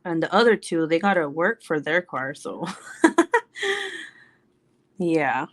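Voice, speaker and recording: A woman's voice: deep voice, slow. A woman chatting casually on a home livestream, rambling and laughing often. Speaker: livestream host.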